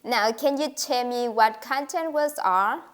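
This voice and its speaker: A woman's voice: on the high side, a little slow. A woman teaching an English pronunciation lesson, speaking carefully and modeling intonation with example sentences.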